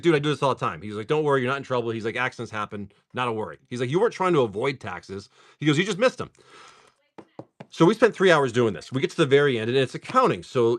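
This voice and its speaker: A man's voice: medium pitch, fairly bright tone. Chatty guy on a card-selling stream, voice bouncing all over, says dude a lot. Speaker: livestream card seller. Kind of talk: casual storytelling while opening card packs.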